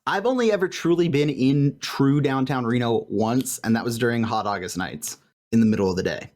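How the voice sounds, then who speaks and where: A man co-hosting a podcast in casual recap chat, animated and laughing often as he quotes lines. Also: mid-range voice, a little fast. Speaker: podcast co-host. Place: home room with light fan noise.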